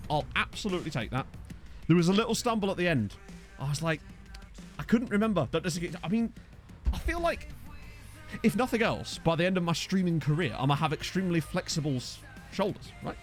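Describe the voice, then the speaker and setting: A young man live-streaming a game, chatting casually, joking and reading out chat messages. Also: a little high. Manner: lively, jokey, chatty, reads chat aloud. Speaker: streamer and host.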